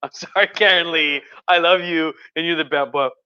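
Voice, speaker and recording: A man's voice: fairly high pitch, steady tone, moderate pace, pushed and bright, clear, resonant tone, no echo, lo-fi sound. A drunk male history professor giving a rambling, profane, chatty livestream lecture from home, with many restarts.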